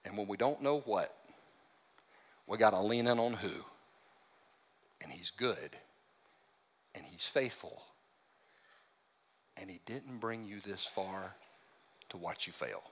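A pastor delivers a sermon in a church sanctuary, his low, expressive voice moving slowly with long pauses. He keeps things conversational and funny, slipping into character voices for his stories. The recording carries the long reverb of a large hall.

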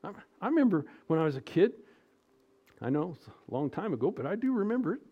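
A middle-aged male pastor delivering a sermon, moving between hushed, almost whispered reassurance and loud, emphatic exhortation. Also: a little high, sing-song, fast, narrow, tinny audio.

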